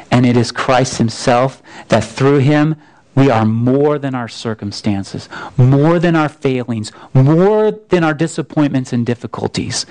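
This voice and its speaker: A man's voice: on the high side, a little mellow, poor audio. Earnest man preaching a sermon. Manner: earnest, repeats phrases and restarts. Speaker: pastor. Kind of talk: sermon with story reading.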